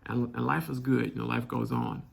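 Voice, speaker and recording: A young man telling a personal story candidly, halting and restarting often. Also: mid-range voice, steady tone, vocal fry, a little hiss or hum. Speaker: vlog host.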